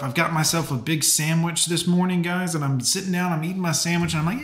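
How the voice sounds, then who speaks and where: A man's voice: on the high side, steady tone, fast, hardly any pauses, a bit bright, echoey room. A man hosting a live stream, talking casually and rambling with plenty of fillers. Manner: chatty, rambling, lots of fillers. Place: home.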